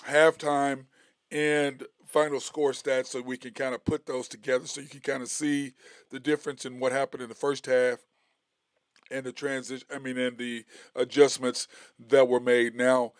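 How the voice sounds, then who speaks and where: A man's voice: mid-range voice, normal speed, clear, resonant tone, dry recording, clean studio sound. A middle-aged man hosting a casual solo sports talk show, rambling with fillers and restarts. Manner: animated storytelling, gets heated and loud when retelling a confrontation. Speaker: sports podcast host.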